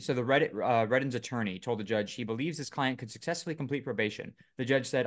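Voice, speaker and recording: A man's voice: mid-range voice, brisk, fairly bright tone. A man co-hosting a casual podcast, reading news items aloud with lots of fillers and joking asides. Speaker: podcast co-host. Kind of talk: casual chat.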